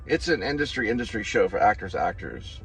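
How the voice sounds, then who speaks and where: A man's voice: on the low side, big pitch swings, a little fast, vocal fry, faint music behind, low-quality recording. Rambling man vlogging from his car. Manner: rambling, folksy, self-deprecating. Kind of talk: casual driving vlog. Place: in a car on city streets. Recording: road and traffic noise.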